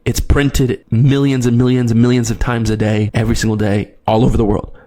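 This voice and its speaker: A man's voice: medium pitch, level tone, a little fast, dark tone. A man hosting a trading video, delivering an urgent motivational monologue straight to the viewer and checking in with repeated tag questions. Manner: urgent, repetitive direct address, frequent tag questions.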